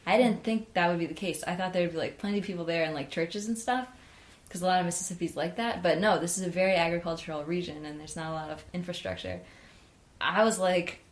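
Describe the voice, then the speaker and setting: In a fast, chatty flow, a young woman being interviewed shares a casual story, leaning heavily on "like" and restarting sentences that trail off. Her voice rests a little low, then shoots up as she animatedly performs her own excited reactions.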